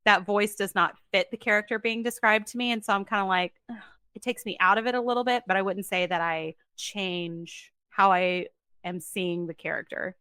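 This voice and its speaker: Bright and crisp, a young woman's medium-pitched voice carries a casual podcast chat she co-hosts. She speaks emphatically in a quick, chatty stream, and the sound is dry and close with no echo.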